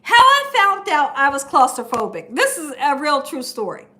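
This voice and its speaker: A woman's voice: high voice, normal speed. A woman hosting a casual livestream, telling stories to her viewers and laughing often. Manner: storytelling, animated, laughs often. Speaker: cooking channel host. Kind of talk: casual livestream chat reading comments.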